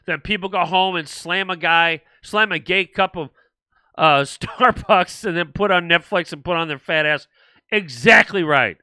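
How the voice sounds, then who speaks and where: Speaking unhurriedly in a high, sharp, smooth voice with no echo, an older man runs a political livestream. He responds to viewer comments with indignant rambling and frequent restarts.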